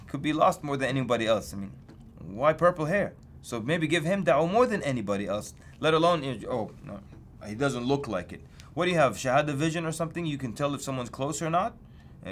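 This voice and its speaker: A man preacher giving a lecture on outreach, telling stories with lively swings of pitch for emphasis. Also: slight background noise. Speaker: Islamic preacher teaching street outreach. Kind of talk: story-led lecture.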